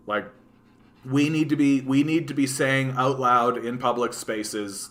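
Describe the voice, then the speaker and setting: Blunt, profane man, bright voice. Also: mid-range voice, steady tone, unhurried. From Canada. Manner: blunt, profane ranting full of "like" and "right?". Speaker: political livestream host. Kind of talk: livestream commentary answering chat.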